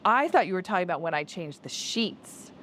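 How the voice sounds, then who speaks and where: A woman's voice: on the low side, big pitch swings, a little fast, a bit bright, slight background noise. A woman co-hosting a podcast in a home basement, chatting casually, restarting sentences and laughing easily. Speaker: podcast co-host, life coach. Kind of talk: casual chat.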